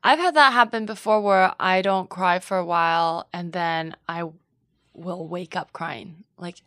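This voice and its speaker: A woman hosts a casual podcast, her voice set a little low and recorded dry and close. She keeps the talk going with curious follow-up questions. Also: measured pace, fairly bright tone, dry recording. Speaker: podcast host.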